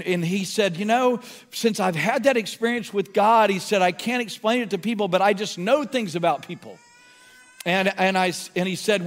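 A man preaching and telling a story, his voice sitting high and carrying a long reverb from a large hall. He acts out the people he quotes. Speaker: pastor. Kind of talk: sermon storytelling.

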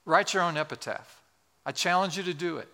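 A male pastor preaching a sermon in an earnest, exhorting way, slowing down to stress key words. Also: sits high, bright, forceful tone. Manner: earnest, exhorting, slows for emphasis.

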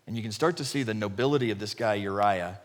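A man preaching a conversational sermon, retelling the story animatedly and dropping his voice low for emphasis. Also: quick pace, in a large hall.

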